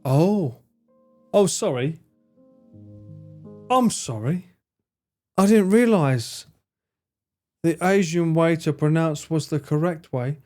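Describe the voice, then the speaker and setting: A man's voice: a little high, slow, long pauses, a little mellow, faint music behind. A young man livestreaming, casually bantering with his chat in a playful, sweary, teasing way. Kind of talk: casual chat with live stream viewers.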